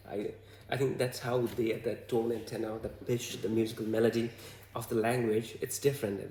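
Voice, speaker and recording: A man from Bhutan with a Bhutanese accent, talking to the camera in a hesitant, halting way full of fillers. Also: lowish voice, level tone, mellow, echoey room, a little hiss or hum. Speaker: vlogger. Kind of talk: casual talk to camera.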